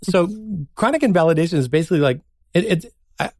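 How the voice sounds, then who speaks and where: A man's voice: fairly high pitch, lively intonation, fast talker, a little mellow, no room sound, studio quality. A man, a guest playwright and actor, telling stories in casual chat, acting out quotes from his family and laughing often.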